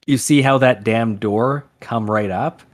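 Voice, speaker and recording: A man's voice: mid-range voice, unhurried, lightly acted. A man reading a panicky shaken teen. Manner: frantic, pleading.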